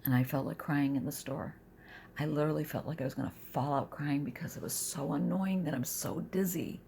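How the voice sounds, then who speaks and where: A woman's voice: deep voice, a little fast, creaky, warm tone, slight background noise. A middle-aged woman venting in a casual vlog from her bed at home, rambling and confessional, sometimes sinking to a near-whisper.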